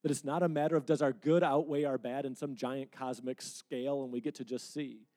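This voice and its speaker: A male pastor speaks in a mellow, relaxed tone. He stays conversational and earnest and answers a question from the congregation. Now and then he acts out little quotes in a livelier voice. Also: mid-range voice, brisk. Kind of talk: sermon Q&A.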